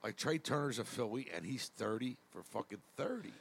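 A man with a gravelly, husky voice talks fast and argues his sports points, swearing constantly. His pitch swings widely as he pushes back on the others. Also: expressive. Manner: argumentative, heavy swearing. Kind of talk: casual sports chat.

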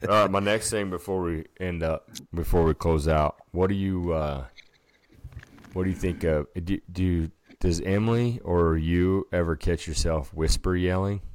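A man co-hosting a podcast in casual chat, a rambling, animated storyteller. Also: low voice, unhurried, a little hiss or hum. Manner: rambling, animated storyteller who acts out whispers. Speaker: podcast co-host.

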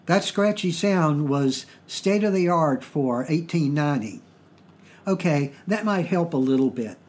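A man from Virginia with a Southern US accent, hosting a podcast and explaining things in plain, measured talk. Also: a little high, lively intonation, darkish tone. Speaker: podcast host.

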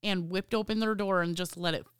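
A woman's voice: fairly low pitch, fairly even intonation, fairly quick, smooth, no echo, studio quality. A woman talking casually as a guest about her merchandising job, swearing freely and telling stories with energy. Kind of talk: casual chat.

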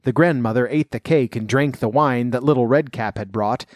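A man calmly narrating a fairy tale in a measured storybook reading. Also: mid-range voice, dry recording, clean studio sound.

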